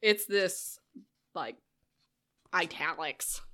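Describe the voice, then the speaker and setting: A woman's voice: lowish voice, lively intonation, extremely slow, pushed and bright, dry recording. Giggly woman host, dry close mic. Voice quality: giggly, keeps breaking into laughter. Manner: scattered, self-interrupting, restarts. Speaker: podcast host. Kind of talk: casual chat, bloopers. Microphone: desk mic close by.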